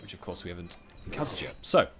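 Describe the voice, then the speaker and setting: Low-voiced man rambling over gameplay. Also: expressive, fast talker, background noise. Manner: chatty, rambling with fillers and restarts. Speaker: gaming let's-play host. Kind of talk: casual game commentary.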